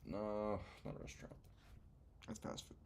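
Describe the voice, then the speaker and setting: Guy muttering thru his coding practice, low gravelly voice, faint hiss behind. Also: little pitch movement, normal speed, darkish tone. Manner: thinks aloud, muttering and trailing off. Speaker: beginner programmer. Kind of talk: casual screen-recorded coding session.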